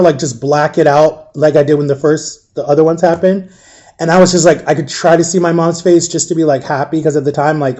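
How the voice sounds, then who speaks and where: A man telling a painful personal story in a candid, subdued way, halting and full of fillers and restarts. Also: fairly high pitch, darkish tone. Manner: emotionally shaken, subdued. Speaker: storyteller recounting a personal ordeal.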